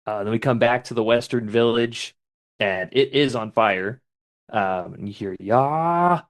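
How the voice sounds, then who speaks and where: A man's voice: on the low side, steady tone, normal speed. A man on a podcast casually narrating a comic chapter panel by panel and reading out the characters' lines.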